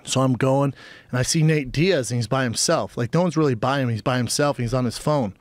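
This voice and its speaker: A man's voice: mid-range voice, brisk, no room sound. A man in his thirties, a podcast guest in a casual chat, telling a story with energy and acting out what each person said. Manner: animated storyteller, acting out quoted exchanges.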